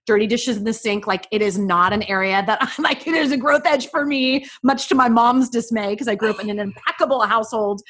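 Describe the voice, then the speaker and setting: A woman's voice: a little high, a little fast, few pauses. A woman in her thirties hosting a casual parenting chat, telling stories with lots of laughter. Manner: animated storyteller, laughs often. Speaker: podcast host.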